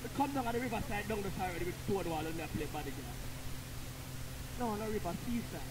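A man with a Jamaican accent, a sound system selector shouting hype talk in patois at a live clash. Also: sits high, animated, a little fast, very noisy. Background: loud dancehall music.

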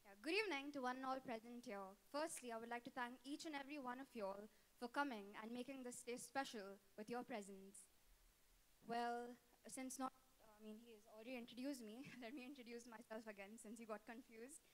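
A woman's voice: on the high side, a little fast, poor audio. A nineteen-year-old woman from Dubai giving a bridesmaid's toast, teasing and laughing with lots of fillers. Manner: giggly, teasing, many fillers. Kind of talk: wedding toast speech. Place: indoor reception hall. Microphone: handheld microphone.

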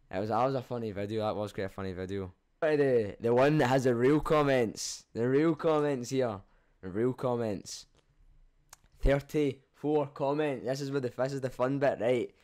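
A man's voice: mid-range voice, darkish tone. A young man with a Scottish accent, reading out his own channel's comments and reacting with cheeky, sweary banter. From Scotland. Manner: cheeky, swears freely, laughs at himself. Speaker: YouTuber.

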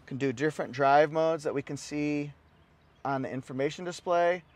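A man's voice: on the high side, moderate pace, a little mellow. A man presenting a car walkaround review for a dealership, upbeat and salesy as he points out one feature after another.

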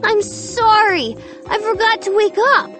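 A woman voicing a young boy in an audiobook, sleepy at first and then frantic with high, breathless apologies. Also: a little slow, a bit bright, faint music behind. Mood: panicked.

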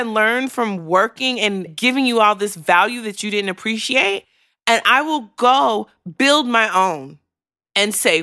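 Woman podcast host, slow and heartfelt, blunt with curse words, dry close sound. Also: fairly high pitch, lively intonation, pushed and bright, no echo. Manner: emotional, frank, swears freely. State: choking back tears. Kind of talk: candid podcast monologue.

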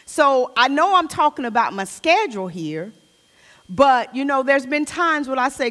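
A woman's voice: sits high, sing-song, moderate pace, a bit bright. Chatty woman teaching in an echoey church hall. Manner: chatty and informal, reads scripture aloud, restarts often. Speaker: Bible study teacher. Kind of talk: conversational Bible study teaching.

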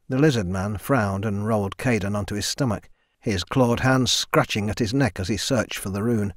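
A man narrating a fantasy audiobook in a steady, measured way, close to the mic. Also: on the low side, no room sound. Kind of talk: scripted narration.

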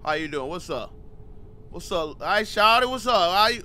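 Dude with a high bright voice hyping up a horror game, slangy, cussing, cracking jokes at everything. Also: male voice, moderate pace. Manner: animated, slangy and joking, swears freely; reads game text aloud and riffs on it. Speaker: gaming YouTuber. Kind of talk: casual let's-play commentary.

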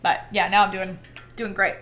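A young woman livestreaming, chatting casually while she plays a game, rambling and animated with lots of "like" and quick bursts of laughter. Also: mid-range voice, slight background noise. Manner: chatty and rambling, heavy use of "like"; animated storyteller who breaks into laughter. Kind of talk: casual chat while gaming.

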